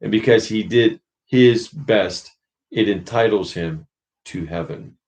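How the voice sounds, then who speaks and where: A man leading a church book study, teaching thoughtfully and pausing to search for words. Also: on the low side, darkish tone.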